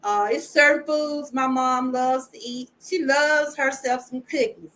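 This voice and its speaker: Hosting a casual live stream, a middle-aged woman from Georgia chats in a loose Southern way and calls her viewers y'all. Her high voice sounds bright and forward, with fairly even intonation and a measured pace.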